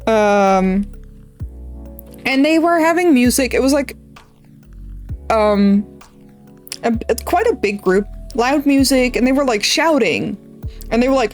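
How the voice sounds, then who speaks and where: A woman's voice: on the high side, lively intonation, unhurried, pauses often, soft background music. A young woman streamer from the Netherlands, casually rambling through a story while drawing, swearing freely. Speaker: art streamer.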